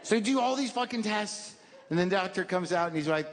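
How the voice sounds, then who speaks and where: A man's voice: high voice, expressive, fast talker. A man in his fifties doing a stand-up routine, rambling in a neurotic, self-deprecating way and acting out little scenes. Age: 50s. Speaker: stand-up comedian. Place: comedy club stage. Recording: live stage recording with hall reverb and audience noise. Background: audience laughter.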